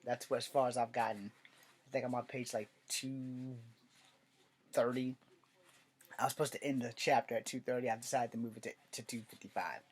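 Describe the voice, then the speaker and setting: Male writer-host, casual storytelling vlog, rambling and profane, mid-pitched voice. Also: level tone, fairly quick, long pauses, slight background noise.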